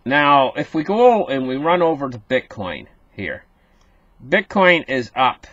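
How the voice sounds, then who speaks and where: A man's voice: mid-range voice, big pitch swings, slow pace, fairly bright tone, husky, no echo, lo-fi sound. Man, casual market talk, chatty and repetitive, dry close recording. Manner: talks to viewers as "guys", repeats words, rambly. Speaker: market commentary host.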